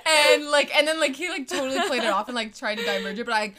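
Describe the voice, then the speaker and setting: A woman's voice: on the high side, rapid-fire, over a noisy crowd. A young woman, a podcast guest, chatting casually and telling stories with lots of giggles and fillers. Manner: giggly, animated storyteller, many fillers. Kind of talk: casual chat.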